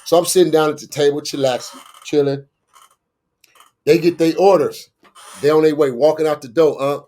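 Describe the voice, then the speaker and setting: A middle-aged man with a Los Angeles street accent, telling a story in an animated, slangy way and acting out the voices of the people in it. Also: fairly high pitch, moderate pace. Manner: acts out quoted voices, slangy, laughing asides. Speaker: guest storyteller, bounty hunter.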